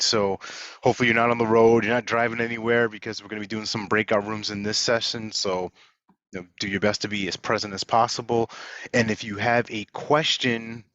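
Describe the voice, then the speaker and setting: A man hosting an online session, playful and energetic, reading out audience shout-outs and introducing a guest speaker. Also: fairly low pitch, no echo. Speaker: webinar host. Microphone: video call. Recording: dull lo-fi video call audio.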